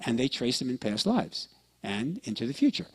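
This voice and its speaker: A man with a sing-song, mid-range voice and a breathy edge lectures at a moderate pace. He spins stories for the audience, acting out quoted lines and pausing often to check in with them.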